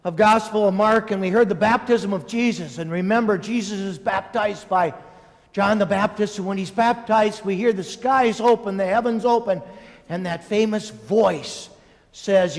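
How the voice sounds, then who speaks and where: A man's voice: high voice, moderate pace. A man preaching a homily in a conversational way, speaking directly to his congregation. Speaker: priest. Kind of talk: sermon. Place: large church. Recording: long church reverb.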